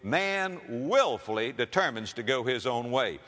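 A pastor preaches in a dramatic sermon style, his pitch rising and falling over a wide range as he leans hard on key words. His voice rings out with a long hall reverb around it. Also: expressive, measured pace, fairly bright tone.

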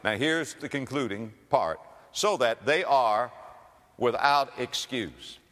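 Leaning hard on key words, a pastor delivers a dramatic sermon with his pitch swinging widely up and down. A long hall reverb surrounds his ringing voice. He sounds animated and fairly bright, and he speaks slowly.

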